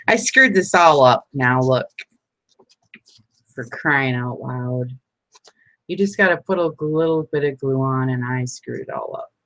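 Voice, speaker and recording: A woman's voice: extremely low pitch, expressive, slow, pauses often, fairly bright tone, dry recording. A middle-aged woman chatting casually as she makes crafts, rambling, laughing often and poking fun at herself. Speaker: craft vlogger. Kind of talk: casual chat while crafting.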